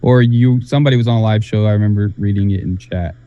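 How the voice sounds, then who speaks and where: A man's voice: on the low side, fast, dark tone, clear, resonant tone, highs cut off. A man chatting casually as a guest, telling a story in a rambling way with fillers. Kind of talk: casual chat. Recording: faint background noise.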